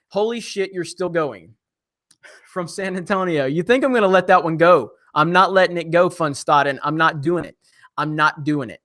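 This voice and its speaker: Bright-voiced animated male streamer. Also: a little high. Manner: animated, joking, quick asides to chat. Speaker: live stream host reading viewer comments. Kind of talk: casual live stream chat.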